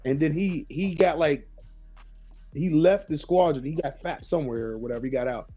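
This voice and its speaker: Male host, casual storyteller who swears and does the voices; warm tone, light music bed. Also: fairly high pitch, moderate pace. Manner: storytelling, swears freely, acts out quotes. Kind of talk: casual chat.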